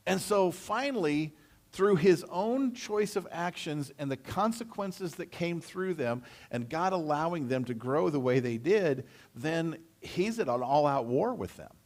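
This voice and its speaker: A man's voice: on the high side, expressive, unhurried. Man preaching a casual sermon. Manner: conversational storytelling, acting out voices. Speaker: pastor. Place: church sanctuary.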